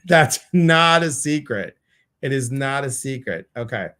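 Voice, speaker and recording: A man's voice: mid-range voice, expressive, measured pace, sharp tone. A man hosting a casual live-stream chat, effusive and rambling, full of fillers. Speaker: host.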